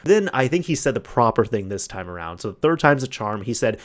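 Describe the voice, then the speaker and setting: Man telling a store story, animated. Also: medium pitch, a little fast. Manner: animated retelling with quoted voices, frequent restarts. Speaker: podcast host. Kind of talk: casual solo storytelling.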